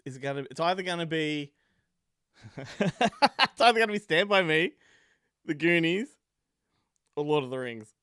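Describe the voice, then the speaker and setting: A man's voice: fairly high pitch, animated, unhurried, pauses often, fairly bright tone, smooth, no room sound, studio quality. A man co-hosting a casual chat podcast, laid-back and self-deprecating, swearing casually. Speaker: podcast co-host.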